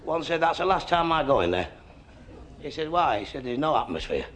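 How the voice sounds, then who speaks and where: A man doing stand-up, firing off quick one-liner jokes. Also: a little high, sing-song. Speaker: stand-up comedian. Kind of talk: stand-up joke telling. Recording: live club with faint crowd.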